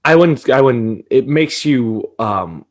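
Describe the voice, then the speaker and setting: A man's voice: mid-range voice, lively intonation, slow. A young man co-hosting a podcast in casual chat, ranting animatedly and swearing often, with frequent laughter. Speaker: podcast co-host.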